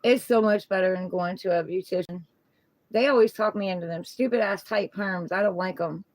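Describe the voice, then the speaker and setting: A woman's voice: mid-range voice, a little fast, dry recording, low-quality recording. Middle-aged woman host, easygoing phone-livestream chatter, fond baby-talk with a pet, dry close sound. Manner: relaxed, chatty, coos affectionately to her pet. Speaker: tarot reader livestream host. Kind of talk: casual livestream chat.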